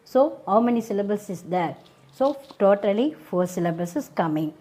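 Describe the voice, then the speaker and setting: A woman teacher with an Indian English accent and a slightly husky voice works through grammar rules for her class. She spells out word endings letter by letter and stops to check that everyone understands. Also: medium pitch, animated, normal speed, warm tone, low-quality recording. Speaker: school teacher.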